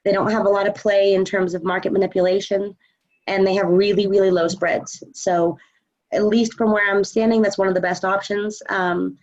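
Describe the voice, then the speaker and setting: A woman's voice: medium pitch, flat delivery, moderate pace, lo-fi sound. A woman trading coach answering questions in a casual live chat, confident and chatty with plenty of fillers.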